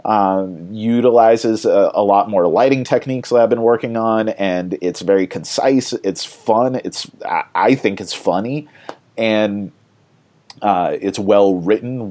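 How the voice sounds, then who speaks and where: Man, lowish voice, casual podcast host; rambling, chatty, laughs a lot. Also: takes it slowly, warm tone. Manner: rambling, chatty, laughs often, many fillers. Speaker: board game reviewer and podcast host.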